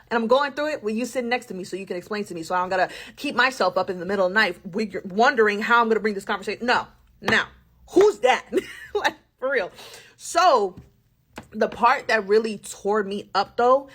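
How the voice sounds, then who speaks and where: A woman telling a personal story to camera in a casual, animated way, full of slang and laughter. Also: mid-range voice. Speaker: storyteller vlogger.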